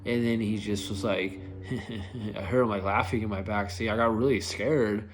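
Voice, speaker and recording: A young adult man with a slightly low-pitched voice tells stories casually in a vlog. He rambles, restarts his sentences and leans constantly on "like" and "um". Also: steady tone, moderate pace. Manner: rambling, filler-heavy, lots of "like". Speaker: rideshare driver telling stories.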